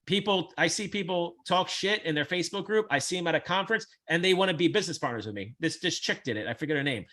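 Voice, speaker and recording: A man hosting a casual chat, blunt, brash and profane, with animated storytelling. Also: fairly high pitch, fast, few pauses. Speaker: host.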